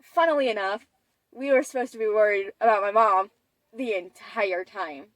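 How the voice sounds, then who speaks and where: A woman's voice: mid-range voice, moderate pace, no echo, low-quality recording. A woman of about twenty telling a personal story in a chatty way, with many fillers and restarts. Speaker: vlogger. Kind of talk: casual storytelling.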